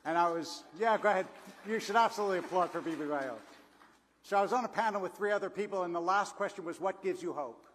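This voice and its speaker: A man's voice: high-pitched, quick pace, fairly bright tone. A man from Philadelphia giving a storytelling speech to an audience, with quotes and humor. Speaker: panel speaker. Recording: hall reverb.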